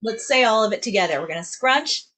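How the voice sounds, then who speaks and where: A young adult woman teaches a singing lesson to camera, upbeat and demonstrative, adding "right?" after nearly every phrase. Her voice is on the high side, animated and sharp, and she talks at a quick pace.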